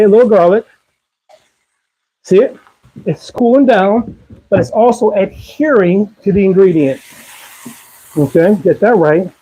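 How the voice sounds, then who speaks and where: Brief: upbeat Maryland man in his home kitchen, high yet mellow voice, chats through a cooking demo. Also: low-quality recording. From Maryland, USA. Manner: upbeat, chatty, coaxing viewers along. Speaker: host cooking on a livestream. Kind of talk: casual cooking demo chat to viewers.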